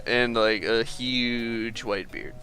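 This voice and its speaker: A man's voice: mid-range voice, fairly even intonation, slow pace, pushed and bright. A man narrating as game master of a tabletop game, rambling casually with lots of "like". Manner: rambling, full of "like" and laughter.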